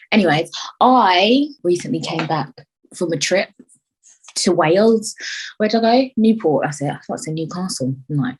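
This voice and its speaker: A woman's voice: medium pitch, husky, low-quality recording. A young woman hosting a solo podcast, chatting animatedly, swearing freely and slipping in and out of put-on voices. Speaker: podcast host. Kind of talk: casual solo podcast chat.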